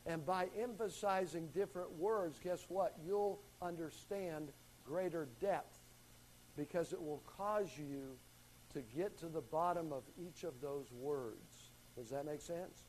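Man, high voice, Bible class teacher, calls on students and leans hard on key words. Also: takes it slowly, slight background noise, low-quality recording. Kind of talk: classroom Bible lesson with questions.

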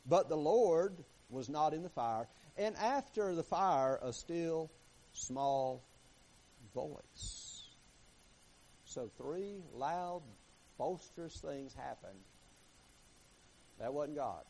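Preaching man, hushed to emphatic. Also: on the high side, lively intonation, slow pace, slight background noise, rough recording. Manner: swings between hushed and emphatic preaching, reads scripture aloud. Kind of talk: sermon.

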